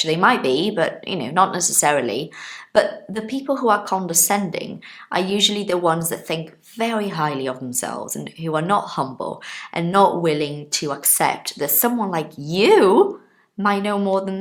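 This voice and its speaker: A woman in her thirties teaching English in a relaxed, chatty way. Her fairly low voice moves up and down a lot as she explains words with everyday examples and keeps asking her viewers if they follow. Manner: chatty, explains with examples, asks listeners questions. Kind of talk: casual online English lesson.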